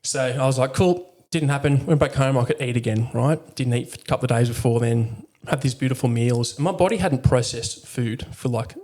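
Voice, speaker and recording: A man's voice: mid-range voice, a little fast, hardly any pauses, a little mellow. A man, a military veteran telling personal stories candidly as a podcast guest, bluntly and with a lot of swearing and fillers. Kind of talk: candid conversational storytelling.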